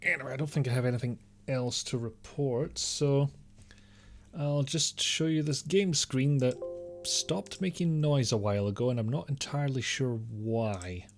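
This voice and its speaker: A man's voice: medium pitch, moderate pace, soft background music. A man streaming a game live, rambling casually and answering his chat with the odd mild swear.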